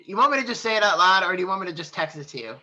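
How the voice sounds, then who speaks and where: A man with a high, sharp, very bright voice, rambling through casual podcast banter and laughing at his own jokes. He talks loosely and teasingly. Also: animated, racing, poor audio. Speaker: podcast co-host.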